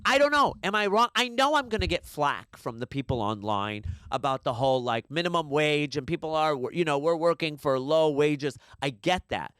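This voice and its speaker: A man's voice: on the high side, expressive, normal speed, few pauses, fairly bright tone, clear, resonant tone, no echo. A man co-hosting a podcast, ranting in a casual, exasperated way and swearing now and then. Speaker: podcast co-host. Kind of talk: casual rant. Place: New York City.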